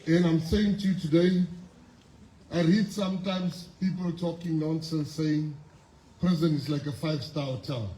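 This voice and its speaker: A South African man in his fifties giving a motivational speech at a school, telling his story emphatically, with repeated phrases and pauses. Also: a little high, steady tone, dark tone, a little hiss or hum. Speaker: guest speaker at a school. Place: school assembly hall. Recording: echoey hall with faint ambience.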